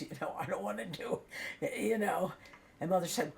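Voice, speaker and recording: Casting: older woman, low gravelly voice, slow halting storytelling. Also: lively intonation, a little mellow, slight background noise. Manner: emotional, halting, acts out voices. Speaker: storyteller being interviewed. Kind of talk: personal family story.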